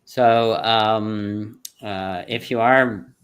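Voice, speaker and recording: A British man hosting a livestream interview over a video call, speaking loosely with many fillers and pauses. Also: lowish voice, steady tone, fairly bright tone, clear, resonant tone. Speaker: livestream host.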